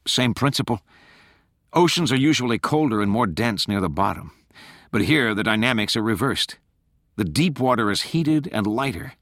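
A man voicing a calm male oceanographer who explains science patiently. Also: mid-range voice, dry recording, studio quality.

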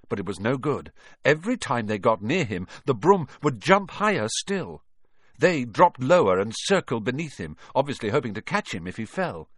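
Male audiobook reader, dramatic and expressive, dry close recording. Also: mid-range voice, no room sound. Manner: dramatic, expressive reading with big swings. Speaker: audiobook narrator. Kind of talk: storybook narration.

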